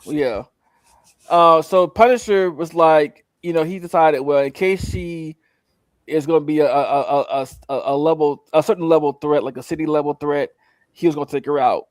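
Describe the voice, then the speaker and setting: A man co-hosting a casual podcast, rambling through an animated recap with many fillers and acted-out quotes. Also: on the high side, moderate pace, no room sound. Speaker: co-host recapping a show.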